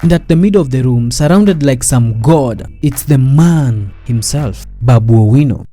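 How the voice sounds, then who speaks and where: A man narrates a scripted voice-over with wry, dramatic timing. His voice is dark and mellow. Faint music plays under him. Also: medium pitch, normal speed.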